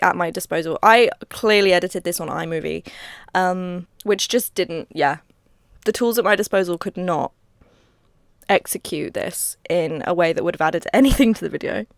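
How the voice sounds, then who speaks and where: A woman's voice: mid-range voice, no echo, studio quality. A woman casually reacting to an old comedy sketch of hers, chatty and self-mocking and laughing often.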